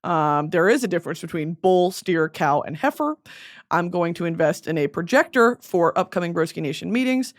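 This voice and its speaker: A woman's voice: fairly low pitch, expressive, moderate pace. A young woman with a Southern US accent hosting a casual solo podcast chat, rambling and swearing through flustered outbursts. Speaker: podcast host.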